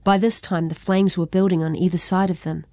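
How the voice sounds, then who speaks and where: A woman's voice: on the low side, level tone, a little fast, mellow, no room sound. A woman reading a children's adventure story aloud.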